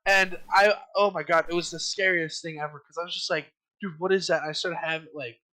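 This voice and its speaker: A young man co-hosting a casual podcast chat, telling stories in an animated way and acting out his own panicked quotes. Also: fairly high pitch, brisk. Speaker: podcast co-host.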